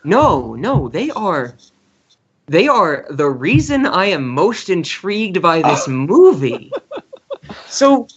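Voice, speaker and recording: A man co-hosting a film podcast, excitable and swearing freely as he laughs through his review. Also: high voice, slow, slightly rough, lo-fi sound. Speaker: podcast co-host. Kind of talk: casual film review chat.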